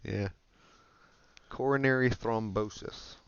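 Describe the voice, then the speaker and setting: A man's voice: lowish voice, steady tone, slow, vocal fry, smooth, dry recording, dull audio. A man co-hosting a casual comedy podcast, laid-back, recapping the story and asking questions. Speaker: podcast co-host.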